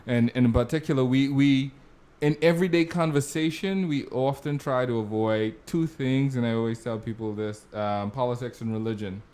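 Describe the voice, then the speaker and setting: A man's voice: mid-range voice, moderate pace, hardly any pauses, a little mellow, smooth. A man hosting a panel discussion, asking questions in a conversational way. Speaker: host.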